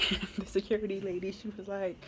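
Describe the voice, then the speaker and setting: A woman's voice: mid-range voice, level tone, fairly quick, a bit bright, a little hiss or hum. A young woman telling a casual story to camera, chatty and laughing often, with lots of fillers. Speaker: military recruit vlogger.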